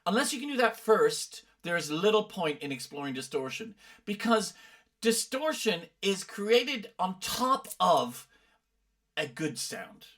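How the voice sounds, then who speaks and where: A man's voice: high-pitched, big pitch swings, a little slow, a bit bright. A middle-aged man from the UK, a vocal coach commenting on other coaches' videos with emphatic, exasperated explanations. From United Kingdom.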